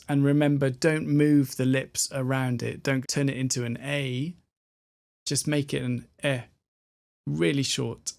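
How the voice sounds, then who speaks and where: A British man gives a pronunciation lesson, shaping each sound slowly and deliberately. His voice is gravelly and low-key, and he takes his time. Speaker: pronunciation teacher.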